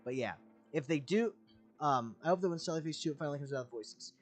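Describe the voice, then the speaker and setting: A man's voice: on the high side, fast, soft background music. Rambling, candid young male streamer. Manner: rambling, candid, with frequent fillers and swearing. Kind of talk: casual gameplay commentary.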